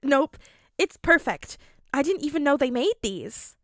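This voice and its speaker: A woman's voice: sits high, big pitch swings, unhurried, a bit bright, dry recording, studio quality, pitched above the performer's own voice, full character voice. A woman voicing a cheerful, teasing teenage boy hero with an upbeat manner.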